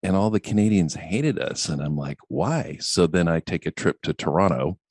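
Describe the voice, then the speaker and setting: A man's voice: low-pitched, moderate pace, crowd noise. A man from the Pacific Northwest with an accent from there, co-hosting a casual podcast with wry humor. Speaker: podcast co-host.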